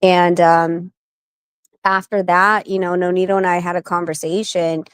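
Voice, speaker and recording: A woman in her forties, a guest on an interview show, telling animated stories and acting out the people she quotes. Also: fairly low pitch, measured pace, clean tone, no echo. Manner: animated, acts out quoted voices. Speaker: guest, wife and manager of a boxer. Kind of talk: casual interview storytelling.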